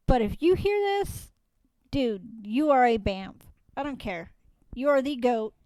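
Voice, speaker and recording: A woman's voice: high-pitched, sing-song, unhurried, mellow, no room sound, rough recording. A woman co-hosting a casual podcast, stuffy from allergies, laughing often and swearing freely. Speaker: podcast co-host. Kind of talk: casual chat.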